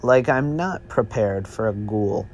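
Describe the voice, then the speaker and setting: A man's voice: fairly low pitch, expressive, a little slow, highs cut off, slight background noise. A man voicing an eager young male ghost hunter, calling out keen questions in a slightly raised voice.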